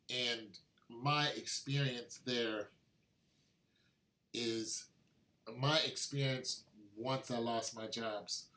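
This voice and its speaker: A man's voice: medium pitch, fairly bright tone. A man vlogging to camera in a loose, conversational way, drifting into asides. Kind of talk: casual monologue to camera.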